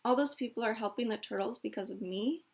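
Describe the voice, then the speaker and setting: Brief: woman doing a gentle, clever young girl for a storybook, slightly high voice. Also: fast, creaky. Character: bright, bookish young girl, thoughtful.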